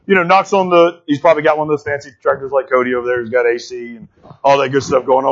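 A man's voice: on the high side, fairly even intonation, fast. A man preaching a folksy sermon to his church, telling jokes and calling out to the congregation. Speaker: pastor. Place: church sanctuary. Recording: dull, muffled sound.

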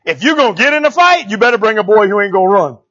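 A man with a high-pitched, sing-song voice, pushed and bright, preaches very fast through a Bible passage. It's casual sermon storytelling full of slangy, joking asides, captured on a dull lo-fi recording.

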